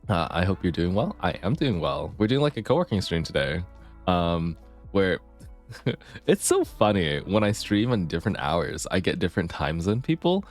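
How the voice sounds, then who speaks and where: A male streamer chatting casually and rambling with his viewers, his voice deep and gravelly from the morning, keyboard clicks on a desk mic. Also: sing-song, normal speed, faint music behind. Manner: rambling, chatty, self-deprecating. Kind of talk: casual live-stream chat. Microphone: desk mic, keyboard clicks audible.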